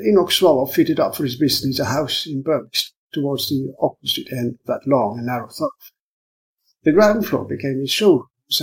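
A man's voice: medium pitch, close to an everyday voice, poor audio. A man voicing a cautious, prim middle-aged English insurance man who keeps insisting he accuses no one. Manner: insistent, prim, protesting innocence.

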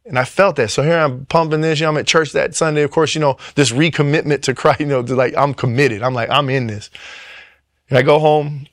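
A man in ministry telling his personal faith testimony in an earnest, emotional way, often halting and restarting his sentences. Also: on the high side, fairly even intonation, no room sound, clean studio sound. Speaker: ministry worker sharing testimony.

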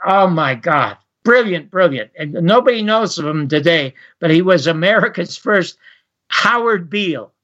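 An older man, a former talk show host, telling a story in an interview, acting out what other people said. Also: dull audio. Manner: animated, acts out others' lines with raised pitch. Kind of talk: anecdotal storytelling.

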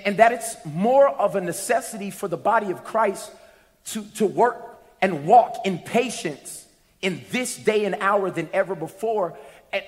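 A man with a notably high voice preaches a sermon, telling stories with playful asides and building up to loud, shouted moments. Long echoes carry his voice through a large hall.

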